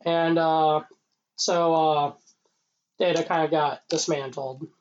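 A man's voice: on the high side, fairly even intonation, slow pace, muffled recording. A man co-hosting a casual podcast, making dry, laid-back remarks and swearing now and then. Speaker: podcast co-host.

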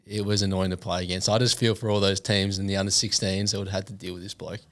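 A young man with an Australian accent, a podcast guest answering in a calm, measured way. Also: low-pitched, no room sound, studio quality. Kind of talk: casual podcast chat.

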